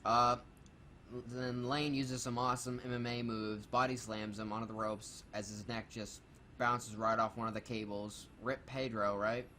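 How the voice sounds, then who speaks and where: A man's voice: medium pitch, level tone, moderate pace, sharp tone, slight background noise. Sarcastic man swearing through a review. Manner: reads notes aloud, swears freely, sarcastic. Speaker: co-host reviewing a wrestling show. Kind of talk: casual, profane review commentary.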